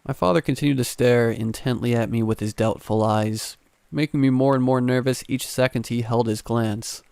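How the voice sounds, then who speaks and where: A man reads a scary story in the first person, calm and steady. His voice has a gravelly, creaky texture at a middling pitch. The recording is dry and close, with no room sound. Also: moderate pace, no echo. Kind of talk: scripted horror narration.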